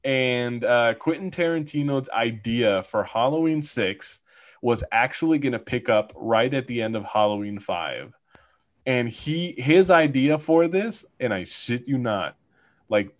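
A man's voice: mid-range voice, unhurried. A man co-hosting a casual podcast, rambling with many fillers and laughing often. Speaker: podcast co-host. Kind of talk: casual chat.

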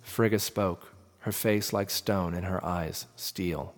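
A man narrating a myth in a measured, dramatic storytelling manner. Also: low-pitched, fairly even intonation. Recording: long reverb with faint music.

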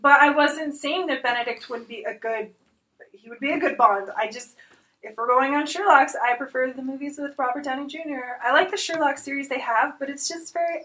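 A woman co-hosting a casual podcast chat, talking in an excitable, gushing way. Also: sits high, low-quality recording. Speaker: podcast co-host.

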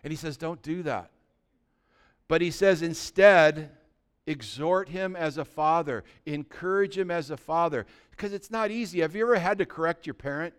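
A man preaching a conversational sermon as pastor, dropping to a soft, quiet voice when acting out gentle words. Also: a little high, normal speed, clean tone. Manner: conversational preaching, drops to a soft voice for imagined dialogue.

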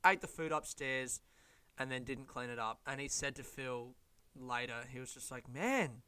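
Bright, animated Australian man. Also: medium pitch, moderate pace, smooth, dry recording. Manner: animated, swears freely, laughs while telling stories. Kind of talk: casual storytelling monologue.

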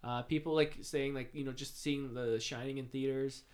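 A man's voice: medium pitch, steady tone, moderate pace, darkish tone. A man with a Canadian accent co-hosting a podcast, talking in a rambling, playful way full of fillers. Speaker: podcast co-host. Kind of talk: casual chat.

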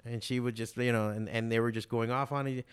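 A man's voice: mid-range voice, fairly even intonation, fairly quick, clear, resonant tone. Rambling, profane man in his forties. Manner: profane, rambling storytelling with many fillers. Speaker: stand-up comedian and podcast guest. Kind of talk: casual chat.

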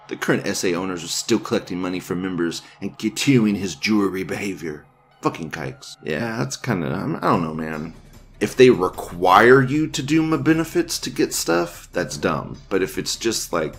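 A man's voice: fairly low pitch, a bit bright. A man hosting a casual stream, reading forum posts aloud, profane and offhand, laughing often. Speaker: livestream news host.

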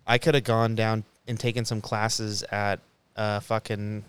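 Low, smooth-voiced man telling a profane story. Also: flat delivery, measured pace, dry recording. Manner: profane, rambling storytelling with frequent restarts. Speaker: podcast co-host. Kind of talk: casual round table chat.

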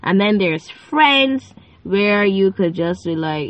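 A woman's voice: mid-range voice, expressive, slow pace, a bit bright, no echo, lo-fi sound. A woman hosting a casual faith-based podcast, talking in a chatty, rambling way full of fillers and playful asides. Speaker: podcast host. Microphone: phone.

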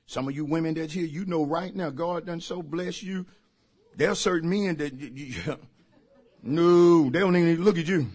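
A male pastor preaching a sermon, shouting out points and laughing along with his congregation. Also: fairly high pitch, moderate pace, slightly rough.

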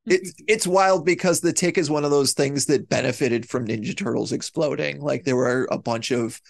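A man's voice: medium pitch, normal speed, gravelly. A man in his thirties or forties co-hosting a podcast, chatting casually with knowing asides. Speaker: podcast co-host. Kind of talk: casual chat.

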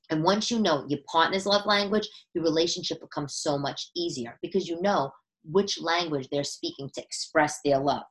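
Woman podcaster chatting away, lowish voice, lively and chatty, lots of restarts. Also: low-quality recording. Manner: animated and chatty, with frequent restarts. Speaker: podcast host. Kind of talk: casual chat. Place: living room.

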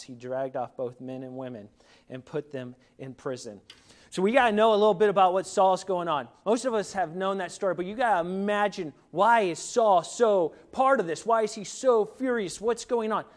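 Middle-aged pastor guy giving a sermon, kinda high voice, lots of um and like. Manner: conversational preaching with many fillers and restarts.

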